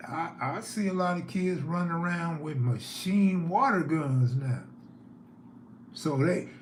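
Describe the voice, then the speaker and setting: A man's voice: on the high side, reverberant, a little hiss or hum. A man hosting a live stream, telling neighborhood stories in a laid-back way and reading chat aloud.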